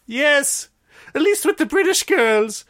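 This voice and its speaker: A man's voice: very high-pitched, animated, slow, fairly bright tone, exaggerated voice. A man voicing a crude, cocky eleven-year-old boy wizard in an improvised comedy bit.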